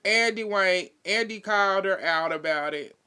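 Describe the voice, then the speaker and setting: A man's voice: high voice, moderate pace, pushed and bright, smooth. A man giving a chatty, slangy recap in casual commentary, laughing often and adding sassy asides. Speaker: reality TV recap vlogger.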